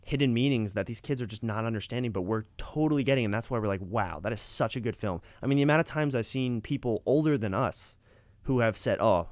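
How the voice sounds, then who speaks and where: A man's voice: mid-range voice, fast, darkish tone, dry recording. A young man co-hosting a podcast in casual chat, with a laid-back, chatty way of talking. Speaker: podcast co-host.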